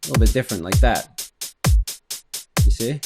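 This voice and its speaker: A man giving a casual, rambling software tutorial, thinking aloud as he clicks through and humming rhythms. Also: mid-range voice, lively intonation, normal speed, creaky. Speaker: music production instructor. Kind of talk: screen-recorded software tutorial. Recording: faint electronic music underneath.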